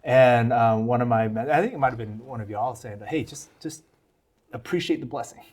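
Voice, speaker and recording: Sharing his testimony on a podcast, an American guest keeps it casual and sincere, slipping into the voices of the people he quotes. He talks at normal speed in a mid-range voice.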